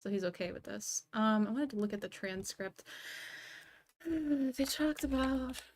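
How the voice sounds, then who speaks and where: A woman's voice: fairly high pitch, lively intonation, a little slow, a little mellow. Giggly, chatty woman streamer. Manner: chatty, giggly, distracted, talking to her cat. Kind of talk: casual livestream chat.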